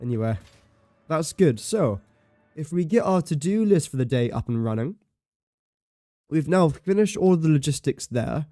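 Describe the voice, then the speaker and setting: Mellow-voiced man thinking aloud while gaming. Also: on the high side, animated, normal speed, long pauses, dry recording, clean studio sound, soft background music. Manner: thinks aloud, counts and does sums under his breath, self-mocking. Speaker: game streamer. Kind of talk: casual live-stream commentary.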